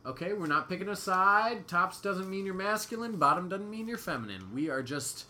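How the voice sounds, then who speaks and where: A man's voice: sits high, animated, moderate pace, pushed and bright. A young man co-hosting a podcast, joking crudely in casual banter. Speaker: podcast co-host.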